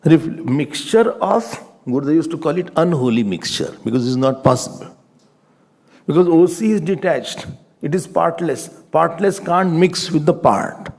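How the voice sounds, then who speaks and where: A man's voice: a little high, moderate pace, vocal fry, a little mellow. A man giving a scripture class lecture as a Vedanta teacher, patiently repeating his points for emphasis.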